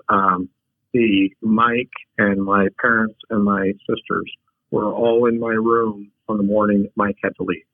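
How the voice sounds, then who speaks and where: A low-voiced man with a husky edge tells humorous stories at an unhurried pace. The sound is dry and tinny, like a phone line, with no room around it. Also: no room sound. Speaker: podcast guest. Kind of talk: casual storytelling.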